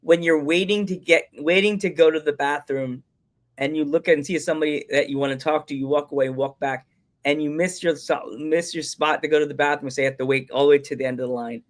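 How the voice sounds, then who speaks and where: A man's voice: a little high, steady tone, a little fast. A man hosting a casual podcast, joking around, repeating his punchlines and laughing at them. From Pennsylvania. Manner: jokey, laughs at own lines, repeats phrases. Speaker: podcast host. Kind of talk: casual chat.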